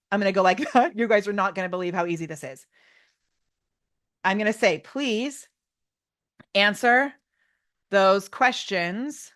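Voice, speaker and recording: A woman presenting a live online workshop, talking in an excited, loud way and laughing often. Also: mid-range voice.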